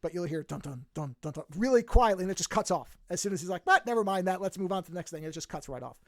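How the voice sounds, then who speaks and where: A man with a high voice rambles through casual podcast chat, restarting his sentences and amused at his own jokes. The sound is dry and close, with no room around it. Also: lively intonation, racing, no room sound. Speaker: podcast co-host.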